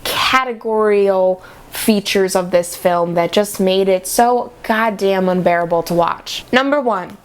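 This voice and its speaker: A young woman in a casual vlog, ranting about a movie in a sarcastic, dramatic way, her pitch often jumping up for emphasis. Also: measured pace, clear, resonant tone. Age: young adult. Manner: animated, with sudden jumps in pitch. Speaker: vlogger.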